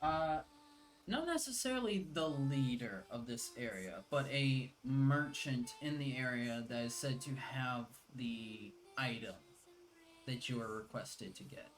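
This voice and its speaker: A man narrating a tabletop game as game master, unhurried and descriptive. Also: mid-range voice, expressive.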